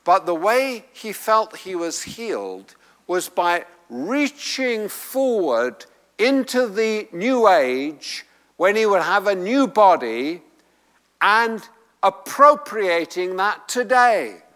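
Emphatic preacher in a reverberant hall. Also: male voice, sits high, very animated, slow, a bit bright. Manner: emphatic, repeats key phrases. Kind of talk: sermon teaching from the Greek text. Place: church hall with congregation.

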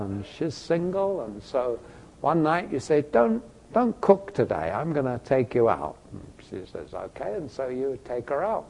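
A man lecturing a class, telling an illustration in an animated, conversational way, with asides to his students. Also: medium pitch. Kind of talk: classroom teaching with an extended illustration.

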